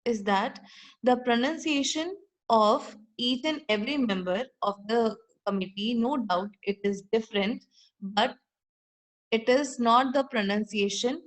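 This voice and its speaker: A woman's voice: on the high side, a little slow, poor audio. A woman with an Indian English accent, teaching a literature lesson. She reads passages aloud, then restates them in her own words and asks rhetorical questions. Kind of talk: explanatory lecture.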